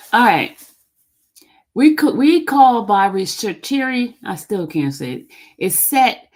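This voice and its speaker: A woman hosting a live stream, reading a court document aloud in an informal, chatty way and stumbling over legal words. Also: medium pitch. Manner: chatty and informal between read passages. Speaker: channel host.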